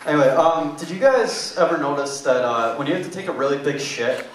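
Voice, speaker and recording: A man's voice: fairly high pitch, animated, fairly quick. A young man doing a stand-up comedy set in a small club, with a loose, rambling delivery full of fillers. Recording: echoey club room, mic far off, faint noise.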